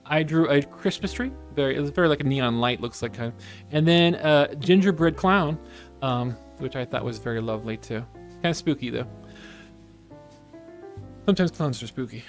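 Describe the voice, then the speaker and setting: A man's voice: medium pitch, moderate pace, faint music behind. A man streaming casually while he draws, chatting in a playful, rambling way and slipping into silly voices.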